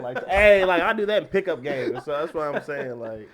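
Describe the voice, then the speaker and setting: Animated young man telling stories. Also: on the high side, moderate pace, a crowd in the background. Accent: American. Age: 20s. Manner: animated storytelling, swings loud and soft, laughs often. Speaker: podcast guest, DJ. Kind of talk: casual chat.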